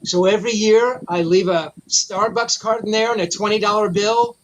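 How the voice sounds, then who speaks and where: A man telling a long, profane, animated story in a casual chat. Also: high-pitched, moderate pace, a little hiss or hum, poor audio. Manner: profane, animated anecdote teller. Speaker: memorabilia collector guest.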